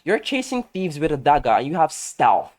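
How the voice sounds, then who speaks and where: A man talking casually over his gameplay, telling gossipy stories in a sassy, animated way and laughing often. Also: a little high, moderate pace. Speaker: game content creator.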